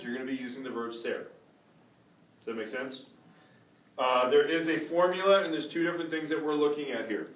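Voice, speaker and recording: A man teaching a Spanish grammar lesson to a classroom and often asking if students follow. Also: on the high side. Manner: lively, checks understanding often. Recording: echoey classroom, far from mic, dull.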